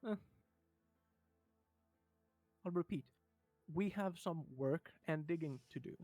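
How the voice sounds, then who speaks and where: A man's voice: on the high side, normal speed, darkish tone, no echo, soft background music. Smug, commanding male player. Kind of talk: in-character tabletop play.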